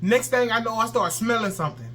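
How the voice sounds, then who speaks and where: A man's voice: very high-pitched, quick pace, bright, forceful tone, a little hiss or hum. A young man, telling a story in a vlog and acting out sounds and his own panic. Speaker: vlogger.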